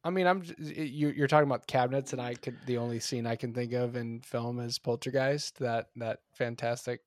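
A man co-hosting a casual podcast chat, talking haltingly with stumbling restarts. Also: medium pitch, fairly even intonation, no room sound. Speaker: podcast co-host.

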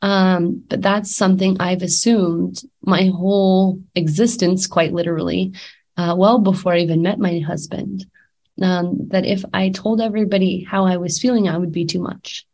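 Woman in her thirties, life coach, candid casual talk, slightly low voice, fillers and restarts, a little under the weather. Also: steady tone, normal speed, darkish tone. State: a little sick.

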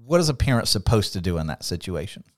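Animated man teaching scripture. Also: deep voice, fast talker, no room sound. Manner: animated, acts out quotes, laughs often. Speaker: co-host of a Bible study podcast. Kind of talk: conversational Bible teaching.

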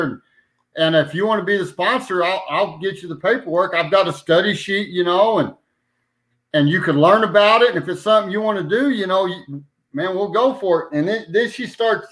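This man from New Mexico, a citizen petition organizer appearing as a podcast guest, spins a long story in a folksy, rambling style, often circling back with "anyway." His voice is high and a bit bright, and the audio quality is poor.

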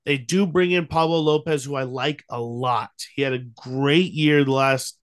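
A man's voice: medium pitch, fairly even intonation, moderate pace. A young man co-hosting a podcast, chatting casually about baseball with easygoing ums and restarts. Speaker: podcast co-host. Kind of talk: casual sports chat.

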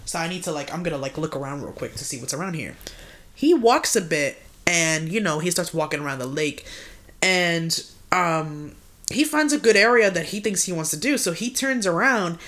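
A woman with a somewhat low voice co-hosts a podcast, spinning a story in loose, slangy talk. She swears constantly and keeps the telling lively and animated. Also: normal speed. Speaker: podcast co-host. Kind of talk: casual storytelling chat.

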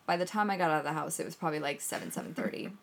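A woman co-hosting a casual podcast chat, telling a story in an animated way and swearing often. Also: low voice, racing, creaky, a little hiss or hum. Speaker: podcast co-host.

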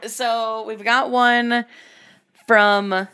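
Slow, bright-voiced female co-host. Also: fairly high pitch, flat delivery, clean tone. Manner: laughs often, reads out listener questions. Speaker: podcast co-host. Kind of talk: casual chat.

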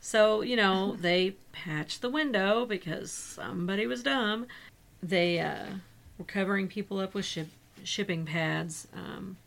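A woman's voice: medium pitch, a little slow, vocal fry, fairly bright tone, slight background noise. A woman co-hosting a podcast, casually retelling and discussing a book's plot in a chatty way. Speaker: podcast co-host.

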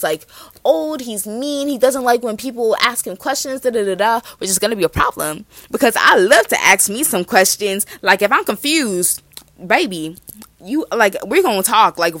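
Her mid-range voice a bit bright, a twenty-something woman rambles bubbily through her casual solo podcast. She peppers nearly everything with "like," and there's no echo.

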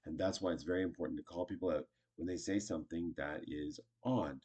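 A man's voice: deep voice, steady tone, brisk, darkish tone, husky, lo-fi sound. A man casually teaching improv, chatty and acting out short example lines. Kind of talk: casual instructional talk.

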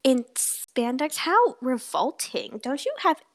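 A woman's voice: sits high, very animated, slow, exaggerated voice. A teenage girl voicing an indignant, snobbish middle-aged woman.

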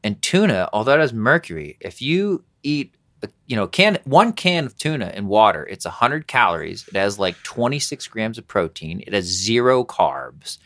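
A man hosting a podcast, chatting casually in a rambling, animated way and swearing freely. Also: fairly low pitch, normal speed. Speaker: podcast host. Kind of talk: casual chat.

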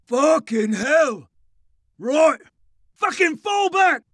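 A man voicing a gruff British army sergeant who shouts and swears as he bellows orders. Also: extremely high pitch, sing-song, drawn-out words, dry recording, clean studio sound, pitched above the performer's own voice, heavily acted. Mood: bellowing.

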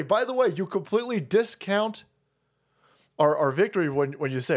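A man hosting a livestream, delivering a loud, mocking, profanity-laden commentary rant. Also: high-pitched, lively intonation, normal speed. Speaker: livestream host.

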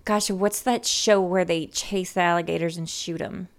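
A woman from Louisiana, a guest on an interview show, chatting in a lively way, laughing often and leaning on "um" and "like". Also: fairly low pitch, moderate pace. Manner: animated, laughs often, fillers like "um" and "like". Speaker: guest, psychic medium. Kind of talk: casual interview chat.

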